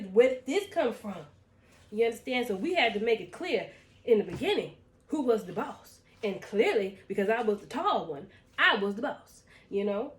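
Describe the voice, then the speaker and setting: A woman doing a low, brassy, blunt mourner. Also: echoey room, natural voice. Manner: sassy, drawling, blunt storyteller. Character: brash, blunt woman mourning a dog she disliked.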